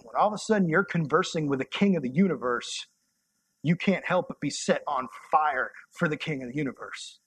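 A young man preaching a sermon as a youth pastor, conversational and impassioned, sometimes dropping to soft, intimate tones. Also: a little high, brisk, breathy edge, dry recording.

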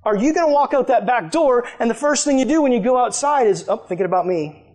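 A man's voice: very high voice, fast talker, a little mellow. A young adult man, a youth pastor, preaching a conversational, emphatic sermon to a youth group.

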